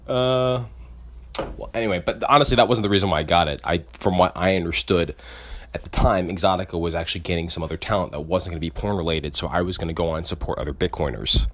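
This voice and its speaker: A man's voice: sits low, fast talker, fairly bright tone. A man who co-hosts a podcast, venting in a casual, rambling monologue that is full of swearing and filler words. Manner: rambling and profane, heavy use of filler "like". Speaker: podcast co-host.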